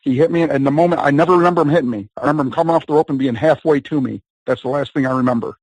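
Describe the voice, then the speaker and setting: A man's voice: a little high, rapid-fire, darkish tone, dry recording, poor audio. A man, a professional wrestler, telling a long anecdote in a casual, rambling way as an interview guest, with laughs and quoted voices. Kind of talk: casual storytelling.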